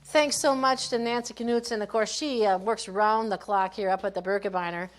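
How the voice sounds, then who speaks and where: A woman's voice: medium pitch, fairly even intonation, normal speed. A woman from Minnesota announcing skiers at a race finish line, calling each name and hometown with brief praise. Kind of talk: live race-call announcing.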